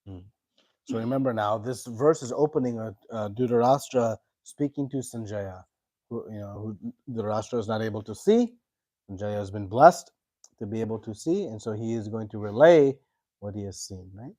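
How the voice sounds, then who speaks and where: A man teaching a scripture class. He tells a story in a relaxed way with many fillers and stops to quiz his students. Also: fairly low pitch, normal speed, no room sound.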